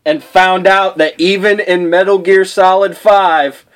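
A man's voice: high-pitched, steady tone, a little slow, clean tone, rough recording. A man co-hosting a podcast in casual chat, profane and joking at his own expense. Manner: profane, joking, self-mocking. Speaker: podcast co-host.

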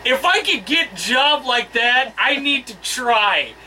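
A man's voice: very high voice, sing-song, slow, bright, forceful tone, distant mic, a little hiss or hum. A man co-hosting a podcast in casual chat, joking with crude asides. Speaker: podcast co-host.

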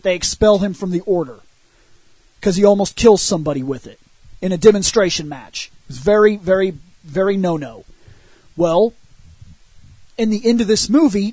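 A man on a podcast, casually and animatedly recounting a movie's plot and arguing for it, with a husky voice and loose swearing. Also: high-pitched, dry recording, poor audio. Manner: animated retelling with frequent swearing. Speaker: podcast co-host reviewing a film. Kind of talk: casual film discussion.

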